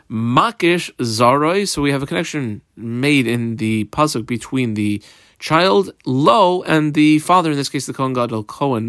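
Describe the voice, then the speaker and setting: A man's voice: mid-range voice, fairly bright tone, dry recording, studio quality. A man teaching a Talmud lesson, reading Aramaic phrases and explaining them in English, with frequent fillers.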